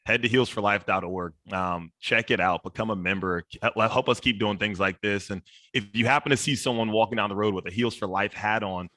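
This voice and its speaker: Fast, bright-voiced podcast host. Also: male voice, lowish voice, no room sound. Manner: upbeat, chummy, says "man" often. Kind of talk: casual podcast sign-off.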